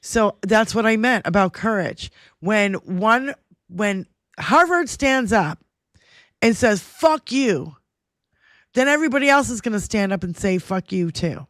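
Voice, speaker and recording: A woman's voice: mid-range voice, animated, a little slow, a bit bright, no echo. Woman, talk show host, profane, emphatic, ranting, dry sound. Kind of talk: casual political chat.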